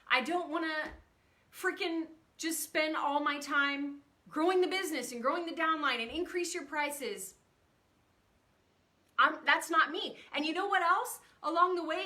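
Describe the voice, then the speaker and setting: A woman's voice: high voice, bright, forceful tone. A woman in her thirties hosting a casual livestream from a room at home, chatty and emotional, greeting viewers by name as she talks. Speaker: livestream host.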